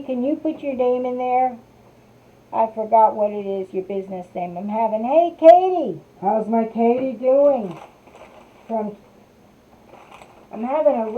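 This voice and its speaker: A woman hosting a live craft stream, rambling chattily and greeting viewers by name from their comments as she works. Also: mid-range voice. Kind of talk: casual live-stream chat. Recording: tinny phone-like sound.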